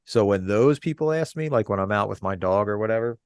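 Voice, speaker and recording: A man co-hosting a podcast in candid casual chat, laid-back and quick to laugh. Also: fairly low pitch, clear, resonant tone, no echo, studio quality. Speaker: podcast co-host.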